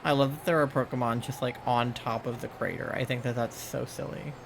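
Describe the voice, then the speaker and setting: Chatty gravelly-voiced man streaming a game. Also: medium pitch, fairly even intonation, brisk, background noise. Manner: rambling, chatty, playful, with laughs and squeals. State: sleepy, yawning. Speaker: live streamer playing a video game. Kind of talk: casual live-stream gaming commentary.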